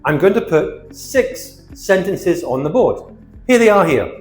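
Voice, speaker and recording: A male English teacher walks through grammar points, clear and emphatic. His voice sits a little high and swoops widely up and down. The sound trails off in a long reverb, and soft music plays underneath. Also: big pitch swings, unhurried. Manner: clear, emphatic teaching delivery with question-tag intonation. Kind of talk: grammar lesson. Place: hot location.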